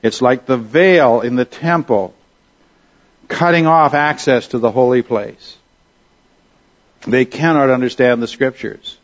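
A man delivers a sermon in a mid-pitched voice, earnest and conversational, often pausing to put questions to the congregation. The recording sounds a little dull and lo-fi. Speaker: pastor.

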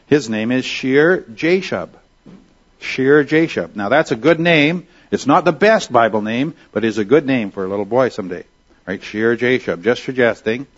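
A man teaching a Bible lesson, walking his class through passages point by point. He keeps pausing to check in with his listeners. His voice sits at an ordinary pitch, and the recording sounds muffled and lo-fi. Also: expressive. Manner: explanatory, checks in with "all right?".

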